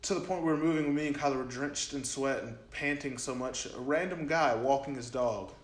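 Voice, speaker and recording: A man's voice: mid-range voice, brisk. Rambling young man in an echoey room. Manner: rambling, many fillers and repeats. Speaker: podcast co-host. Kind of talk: casual storytelling chat. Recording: roomy echo.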